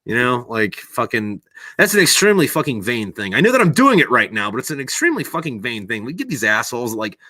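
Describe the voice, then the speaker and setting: Bright-voiced, foul-mouthed man rambling. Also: mid-range voice, sing-song, quick pace, no room sound. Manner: rambling, heavily profane, swears constantly; gets loud and ranting when worked up. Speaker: podcast host. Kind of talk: casual livestream chat.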